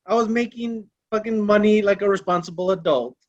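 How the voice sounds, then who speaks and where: A man's voice: high-pitched, brisk, no room sound. A man in a casual podcast chat, defensive and swearing heavily. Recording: dull lo-fi mic.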